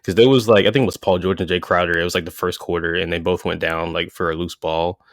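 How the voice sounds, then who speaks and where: A man co-hosting a podcast, talking sports in a relaxed way with lots of fillers. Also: deep voice, quick pace, no echo, clean studio sound. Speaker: podcast co-host. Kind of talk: casual sports chat.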